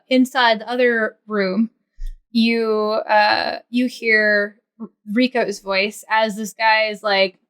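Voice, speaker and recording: A woman's voice: medium pitch, fairly bright tone. A woman narrating as game master of a tabletop game, chatty with many fillers. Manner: chatty, lots of fillers, quick voice switches for characters.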